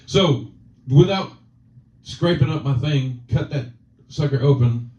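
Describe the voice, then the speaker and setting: A man's voice: fairly high pitch, fairly quick, mellow. A man hosting a casual chat, teasing his guest in joking banter. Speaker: channel host. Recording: roomy, distant, dull sound.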